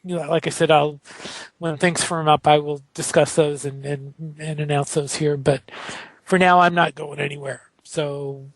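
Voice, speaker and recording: Halting man, slightly high voice. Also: steady tone, creaky, no room sound. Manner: halting, many fillers and restarts. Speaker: podcast co-host. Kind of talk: casual podcast chat.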